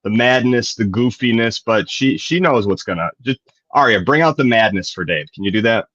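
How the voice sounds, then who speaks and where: A man's voice: medium pitch, moderate pace, a bit bright, no echo. A man co-hosting a live stream, teasing in a rambling, hesitant way. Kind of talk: casual live-stream chat. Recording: dull dry mic.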